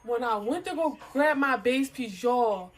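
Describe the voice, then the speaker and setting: A young woman with a Philadelphia accent telling a personal story straight to viewers in casual slang, animated and cursing freely. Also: fairly high pitch, measured pace, poor audio. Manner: animated and slangy, addresses viewers as "y'all", curses.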